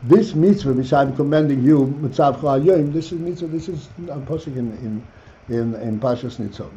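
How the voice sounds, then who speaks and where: A man teaching a Torah class as rabbi, reading phrases slowly and explaining them. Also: mid-range voice, mellow. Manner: reads Hebrew phrases slowly, then explains in English. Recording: dull lo-fi class recording.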